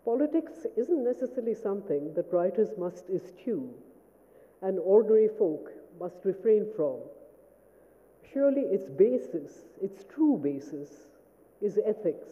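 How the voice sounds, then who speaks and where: A woman giving a formal memorial lecture as a writer, speaking in a measured, reflective way and checking in with her listeners. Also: medium pitch, big pitch swings. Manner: measured, reflective, asks "Do you see?". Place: lecture hall. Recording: phone-like sound in a reverberant hall.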